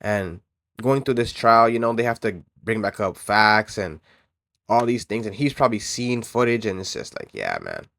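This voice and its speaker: A man's voice: fairly low pitch, sing-song, normal speed, gravelly, fairly bright tone. A man reacting bluntly in casual commentary, swearing freely and using street slang. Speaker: co-host.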